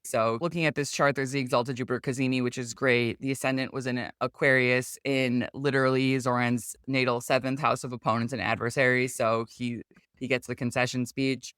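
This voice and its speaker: A man's voice: medium pitch, level tone, fairly quick, fairly bright tone, clean tone, no echo. A man with a mid-range voice chats through astrology readings on a podcast. He talks casually, filling his explanations with "like" and "you know". The sound is close and dry.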